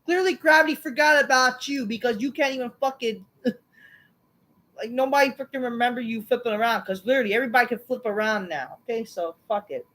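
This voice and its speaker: Sarcastic woman host, bit high-voiced, curse-heavy rant, dismissive. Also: brisk, fairly bright tone, poor audio. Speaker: wrestling show reviewer, channel host. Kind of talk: profane ranting recap.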